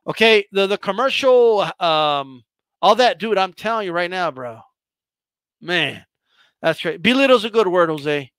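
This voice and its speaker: A man with a very high, bright, sharp-edged voice, ranting with heavy profanity. He stammers and restarts his sentences as he fires up, and the recording is close and dry. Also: smooth, dry recording. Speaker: boxing channel host. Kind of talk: profane casual rant.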